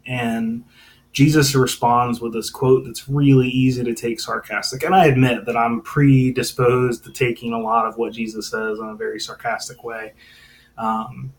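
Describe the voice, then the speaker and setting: A man explains a scripture passage informally, as if working it out as he talks. His speech is loose and conversational, full of pauses and fillers. His pitch sits in an ordinary middle range. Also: little pitch movement, poor audio. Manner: casual, thinking aloud, many fillers and restarts. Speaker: Bible teacher. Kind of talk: informal Bible teaching.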